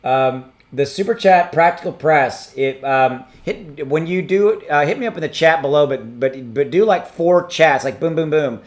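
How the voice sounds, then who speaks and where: A man hosting a crypto livestream from a home setup, reading out viewer messages in a rambling, halting way with many ums and restarts. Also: on the high side. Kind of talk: casual livestream chat reading super chats.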